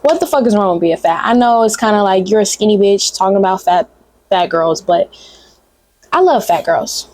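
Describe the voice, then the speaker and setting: A woman's voice: mid-range voice, lively intonation, normal speed, a little mellow, no room sound. A young woman, giving a blunt, profane, sisterly pep talk straight to camera in a casual vlog. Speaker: vlogger.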